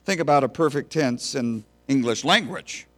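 A man's voice: medium pitch, expressive, moderate pace. A man preaching a sermon to a congregation in a folksy, storytelling manner. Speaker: pastor.

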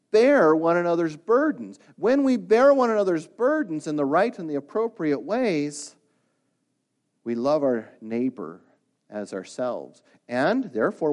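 Male pastor, sermon delivery, rises and falls a lot, somewhat high pitch, stacks rhetorical questions. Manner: animated preaching with rhetorical questions and repetitions.

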